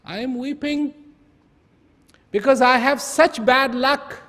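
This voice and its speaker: A man voicing a poor grown man who weeps and complains about his bad luck in a wailing, drawn-out way. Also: medium pitch, mellow, pitched below the performer's own voice, lightly acted. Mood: self-pitying. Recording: long hall reverb.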